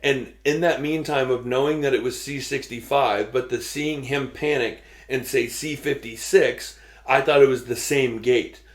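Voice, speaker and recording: Male podcast co-host, relaxed teasing storyteller, mid pitch, roomy room tone. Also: a little slow, hardly any pauses. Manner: laid-back, teasing storyteller. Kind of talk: casual storytelling chat. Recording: roomy echo.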